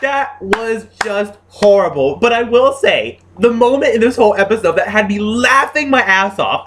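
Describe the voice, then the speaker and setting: A man's voice: high voice, fairly bright tone. A young man giving a casual, exasperated rant reviewing a TV episode, swearing freely and exclaiming often. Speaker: TV show reviewer.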